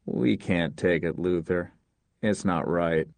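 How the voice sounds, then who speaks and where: A man's voice: medium pitch, lively intonation, dry recording, voice pushed up, close to an everyday voice. A man reading the part of a proud, tough older husband who talks pleasantly but a little stiffly. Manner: brisk, pleasant, a touch stiff.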